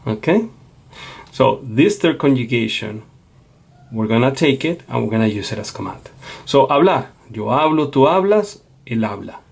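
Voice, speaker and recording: A man's voice: medium pitch, lively intonation, moderate pace, vocal fry, breathy edge. A man teaching a Spanish lesson, explaining patiently and checking in with a frequent "okay?". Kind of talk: classroom lecture.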